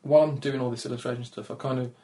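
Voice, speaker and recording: A man with a Black Country accent and a gravelly voice talks quietly in a casual podcast conversation. His manner is shy and low-key, and he is quick to put himself down. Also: fairly even intonation. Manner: low-energy, shy, self-deprecating. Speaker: comedian guest.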